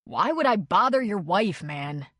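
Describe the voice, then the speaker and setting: A woman narrator voicing an angry young male cowboy with a split lip, shouting and defensive. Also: mid-range voice, very animated, unhurried, dry recording, clean studio sound.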